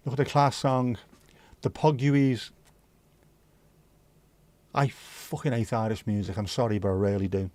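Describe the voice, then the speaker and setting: A man's voice: mid-range voice, level tone, measured pace, long pauses, a little mellow, no room sound. A middle-aged man from Liverpool with a Scouse accent, hosting a livestream in rambling, casual chat that swears freely. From Liverpool, England. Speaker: livestream host.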